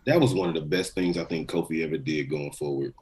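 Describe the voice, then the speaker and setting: A young man co-hosting a casual wrestling podcast, profane and animated, laughing often. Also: a bass voice, fast talker, rough recording. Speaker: podcast co-host. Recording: faint background noise.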